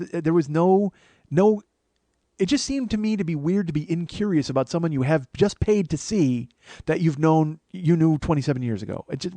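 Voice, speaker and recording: A man in his forties tells a rambling comic story at a fast clip, swearing freely and sounding put out. His voice sits a little high for a man. The recording is close and dry, with no room sound around it. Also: dry recording. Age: 40s. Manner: profane, exasperated, animated retelling. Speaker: comedian and podcast host. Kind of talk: comedic storytelling monologue.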